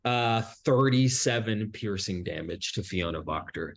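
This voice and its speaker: A man narrating a tabletop game as game master, pausing often and filling gaps with hesitations. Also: lowish voice, lively intonation, vocal fry. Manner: halting, many fillers.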